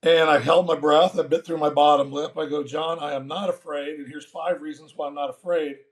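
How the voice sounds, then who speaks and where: A man's voice: fairly high pitch, fairly quick. Folksy older man telling a story. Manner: folksy, animated storyteller acting out dialogue. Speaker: guest, former baseball manager. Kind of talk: storytelling interview.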